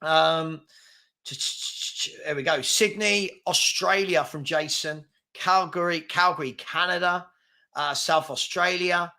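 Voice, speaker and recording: A young man with a London accent hosting a live football chat, chatty and quick, reading out viewers' comments and places. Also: fairly high pitch, creaky, sharp tone. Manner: fast-talking, chatty, reads out names and places.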